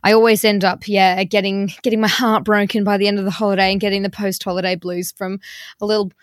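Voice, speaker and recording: Podcast co-host, woman, chatty and reactive, middle pitch, casual delivery. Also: flat delivery, fast. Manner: reactive, gasps and exclaims, chatty. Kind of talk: casual chat.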